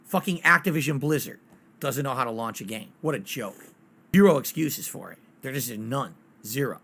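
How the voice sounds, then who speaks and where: A man's voice: medium pitch, animated, moderate pace, creaky, fairly bright tone, breathy edge. A man streaming games live, chatting casually and ranting bluntly with plenty of swearing. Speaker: game streamer.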